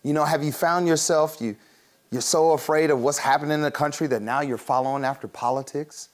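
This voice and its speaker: A man's voice: on the high side, fairly even intonation. Casual laughing male preacher. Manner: casual, laughing often, acts out quick voices. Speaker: pastor. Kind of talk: sermon.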